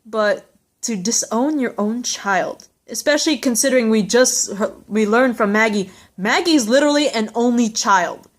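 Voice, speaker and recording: A woman's voice: on the high side, normal speed. A woman vlogging in a casual, rambling and gushing way, with many fillers. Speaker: vlogger reviewing a TV episode. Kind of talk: casual chat.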